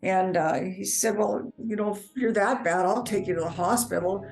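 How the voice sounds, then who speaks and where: A woman telling her personal life story in earnest, halting speech, often repeating words as she goes. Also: mid-range voice, darkish tone, faint music behind, low-quality recording. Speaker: near-death experience storyteller. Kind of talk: personal testimony.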